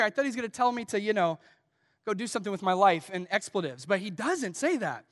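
A man's voice: high voice, expressive, quick pace, clean studio sound. A male pastor preaching a sermon, telling a personal story and building to impassioned urging. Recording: long hall reverb.

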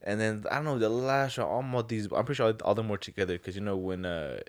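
A man with a low voice talks fast and loose, piling up restarts as he tells a story. The sound is dry and close, with no room around it. It is relaxed podcast chat. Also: no room sound. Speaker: podcast co-host. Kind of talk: casual chat.

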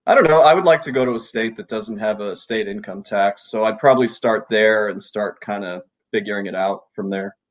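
A man's voice: on the low side, fairly quick, few pauses. A man co-hosting a casual late-night chat over a video call, reading donation messages and giving blunt, laid-back advice.

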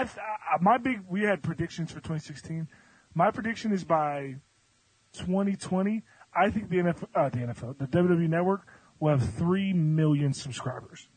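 Male panelist, husky, a bit high, confident step-by-step talker. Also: a little mellow, no room sound, poor audio. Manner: confident, laying out reasoning step by step. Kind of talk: casual chat, wrestling predictions.

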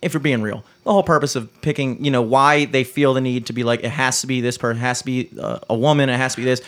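A young man co-hosting a casual chat, ranting in an animated way with frequent swearing and quick bursts of speech. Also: medium pitch. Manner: animated, swearing, fast rants.

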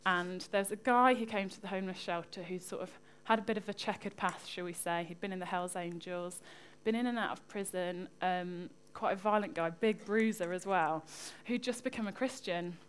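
A woman's voice: lowish voice, moderate pace, hardly any pauses, slight background noise. A young woman, giving a chatty, joking sermon and talking back and forth with her congregation. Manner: chatty, lively, joking with the audience. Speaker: preacher.

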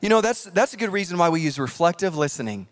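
A man preaching a sermon in a church, animated and jokey, acting out voices from scripture. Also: high voice, fast. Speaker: pastor. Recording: long hall reverb.

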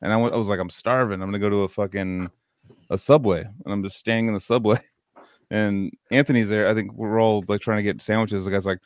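A low-voiced man chatting loosely on a podcast, telling rambling stories with laughter and plenty of swearing. The sound is dry and close, with no room around it. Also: steady tone, fairly quick, no room sound. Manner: rambling, laughing storyteller, heavy cursing. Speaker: podcast host. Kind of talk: casual chat.

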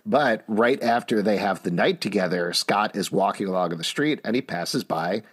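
A man's voice: fairly low pitch, moderate pace, hardly any pauses, husky. A man co-hosting a podcast in casual chat, wry and self-mocking, who doubles down on his jokes. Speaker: podcast co-host.

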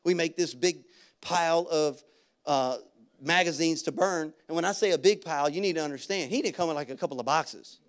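Animated higher-voiced male preacher. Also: brisk. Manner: animated preaching that jumps into loud shouted bursts; conversational storytelling with casual slang. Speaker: guest pastor. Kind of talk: sermon.

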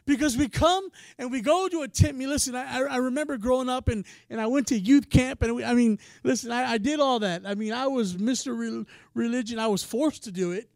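A male preacher with a strikingly high voice delivers a passionate, casual sermon, dropping to near-whispers and rising to shouts. The sound is close and dry, with almost no room echo. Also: brisk, creaky, few pauses. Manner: passionate, swings from quiet to shouting; casual, says "man" often.

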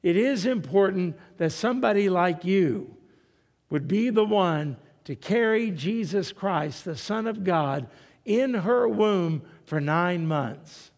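A man preaching a sermon in a slow, dramatic style, dropping to a hush and rising for emphasis. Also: high-pitched, expressive, gravelly. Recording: long reverb of a large hall.

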